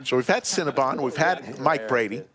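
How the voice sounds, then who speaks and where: A man hosting a live poker broadcast, calling each card as it falls. His delivery is brisk and upbeat, with an even middle pitch. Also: crowd noise. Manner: upbeat, brisk hand calls. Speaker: poker stream commentator.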